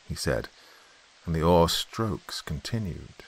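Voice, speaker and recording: A man narrates a classic horror story for a podcast in a measured, suspenseful reading. His voice sits very low, husky, with wide rises and falls. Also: expressive.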